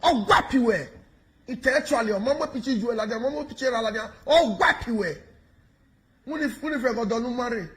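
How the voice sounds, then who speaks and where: A Nigerian man giving mocking, animated commentary in pidgin, taunting and laughing as he talks. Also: extremely high pitch, fast. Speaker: online commentator.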